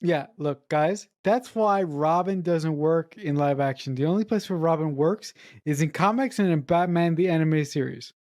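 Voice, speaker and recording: A woman's voice: deep voice, normal speed, hardly any pauses, darkish tone, dry recording, studio quality. A woman co-hosting a casual movie-review podcast who chimes in with incredulous, emphatic remarks and swears for emphasis. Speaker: podcast co-host.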